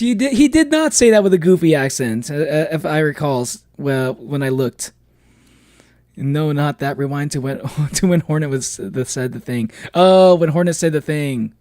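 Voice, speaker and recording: A man's voice: on the high side, darkish tone, no echo, studio quality. A man streaming a game, chatting playfully with viewers and laughing often. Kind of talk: casual let's-play chat with viewers.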